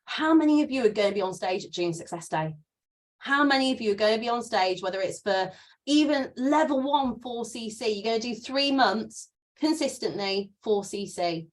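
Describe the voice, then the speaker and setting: A woman's voice: on the high side, animated, moderate pace. A woman mentor leading an online training session over a video call, upbeat and motivational, often repeating words for emphasis.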